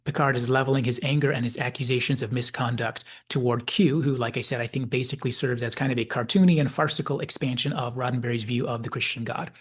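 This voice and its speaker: Man, husky voice, mid pitch, measured analytical commentary, reflective. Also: steady tone. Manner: measured, reflective, quoting dialogue. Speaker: video essay host.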